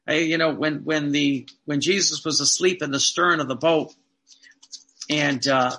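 A man's voice: a little high, creaky, pushed and bright. A man, a Catholic priest, preaching a sermon earnestly, repeating phrases and asking the listeners rhetorical questions.

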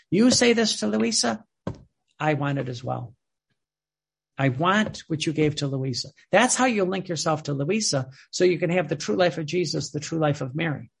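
A man's voice: a little high, animated, moderate pace, gravelly, slightly rough. A man preaching a sermon in a fervent way, repeating words and phrases for emphasis.

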